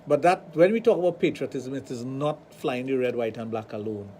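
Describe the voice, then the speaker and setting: A man's voice: medium pitch, fairly quick, dark tone, slight background noise. A man with a Trinidadian accent, hosting a radio talk show and telling a long rambling personal anecdote. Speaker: radio show host, sex therapist.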